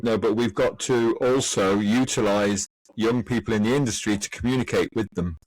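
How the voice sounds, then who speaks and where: A man's voice: lowish voice, normal speed, no echo, poor audio. An older man, a guest on a podcast, chatting casually, readily agreeing and trading anecdotes. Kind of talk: casual chat.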